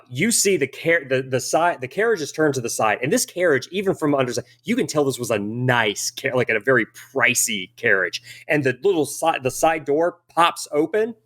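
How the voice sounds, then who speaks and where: A man's voice: mid-range voice, a bit bright. Man rambling as game master. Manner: rambling, many restarts and fillers while describing. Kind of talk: narrating a tabletop game.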